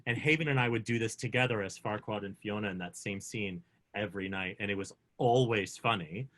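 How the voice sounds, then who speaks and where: A man co-hosting a casual video chat, telling backstage stories with lively acted-out quotes. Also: fairly low pitch, fairly quick. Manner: lively, acts out quotes in funny voices. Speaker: co-host. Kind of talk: animated storytelling.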